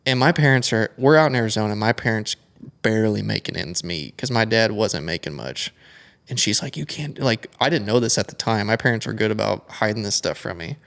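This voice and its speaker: Gravelly young man telling a long story. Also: lowish voice, a little fast. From United States. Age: young adult. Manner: rambling, animated storytelling with many fillers. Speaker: guest, flat track racer. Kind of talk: casual storytelling interview.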